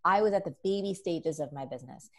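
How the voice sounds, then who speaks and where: A woman's voice: fairly low pitch, quick pace. A woman guest in a casual conversation, talking animatedly and acting out her past thoughts in voices.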